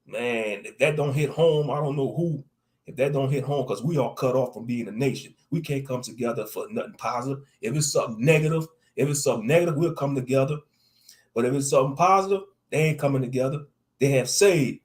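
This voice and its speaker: A man's voice: medium pitch, a little fast. A man giving live-streamed religious commentary, reading scripture aloud and riffing on it in slangy talk with a preachy edge, repeating lines for emphasis. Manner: preachy, reads scripture then riffs on it. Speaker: online commentator.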